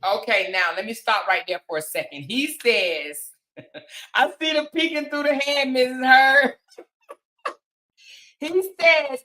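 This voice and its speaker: High, bright-voiced woman host, sassy and mocking in her gossip commentary. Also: unhurried, long pauses.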